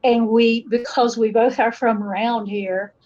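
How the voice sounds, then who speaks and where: A woman's voice: on the high side, a little slow. A middle-aged woman from western North Carolina with an Appalachian Southern accent, telling stories as a guest in a casual interview. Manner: lively storytelling, shifts accent to match listeners. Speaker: guest folklorist. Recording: muffled lo-fi audio.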